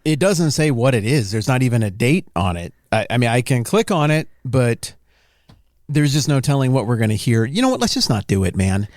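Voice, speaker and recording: A male podcast co-host in relaxed comedic banter, wry and hesitant. His pitch moves expressively, and the sound is dry and close. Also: fairly quick, no room sound.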